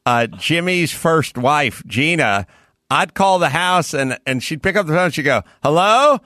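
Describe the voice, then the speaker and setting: A man hosting a casual comedy talk show, telling lively anecdotes and mimicking people. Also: on the high side, a little slow, no echo, clean studio sound. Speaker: host.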